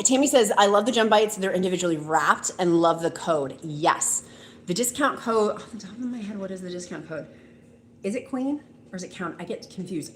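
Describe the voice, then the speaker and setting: A gushing, chatty woman talks casually on a home live stream. Her voice sits a little low, and it rings around an echoey room. A faint hiss runs under it. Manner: gushing, chatty, reads viewer comments aloud. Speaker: host of a live weight loss stream. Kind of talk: casual live-stream chat reading comments.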